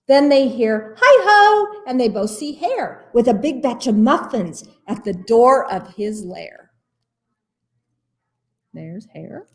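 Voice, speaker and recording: A woman reading a rhyming picture book aloud for a library storytime, playful and expressive, with asides about the pages. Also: a little high, slow.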